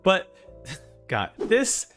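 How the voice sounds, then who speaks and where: A young man in casual review commentary, excitable, swinging between hyped and somber as he talks. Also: high-pitched, extremely slow, soft background music. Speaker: anime reviewer.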